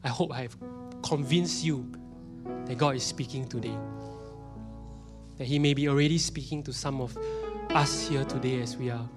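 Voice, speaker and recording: A male pastor with a Singaporean English accent preaches to his congregation in a church hall. His delivery is animated, and he sometimes sinks into a near whisper to make a point. His voice sits at an ordinary middle pitch for a man. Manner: animated, drops into whispers for emphasis. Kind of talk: sermon.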